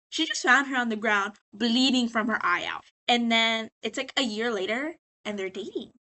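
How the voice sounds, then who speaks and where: Woman, tipsy, rambling, sassy, high voice, bright tone. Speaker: vlogger. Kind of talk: casual show recap.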